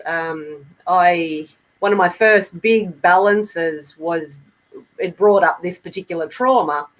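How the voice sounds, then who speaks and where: A middle-aged Australian woman, a guest in a casual interview, talking in an easy, unhurried way with frequent ums. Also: lowish voice.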